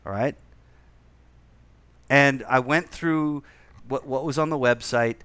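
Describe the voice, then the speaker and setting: A man's voice: medium pitch, takes it slowly, fairly bright tone, clean tone, no echo. A man from Canada in casual chat, rambling and swearing with many restarts.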